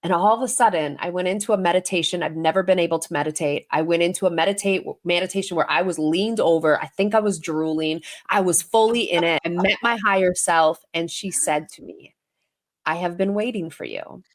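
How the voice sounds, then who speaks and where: Woman guest, casual and animated storyteller who acts out quoted voices. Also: lowish voice, brisk. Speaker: guest, intuitive healer and medium. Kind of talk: casual storytelling in a podcast interview.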